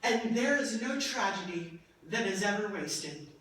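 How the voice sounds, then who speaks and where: A young adult woman giving a keynote talk, telling her story with passion and animated, laughing asides. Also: mid-range voice, unhurried. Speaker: keynote speaker. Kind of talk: emotional testimonial speech. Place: large event hall. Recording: echoey hall, voice from far off.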